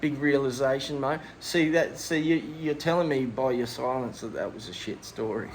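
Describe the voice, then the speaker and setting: A man's voice: medium pitch, moderate pace. Man, Australian accent, middle-aged, podcast co-host, rambling comic storyteller, crude slang, faint noise. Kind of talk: casual comedic storytelling.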